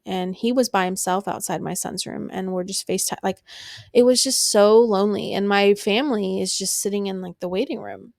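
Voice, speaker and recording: A young woman hosts her own podcast and talks through a personal story in a loose, unfiltered way. She is blunt and swears freely. Her voice has a gravelly fry in mid pitch, recorded dry and close. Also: dry recording. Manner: blunt and profane, laughs while telling. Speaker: podcast host.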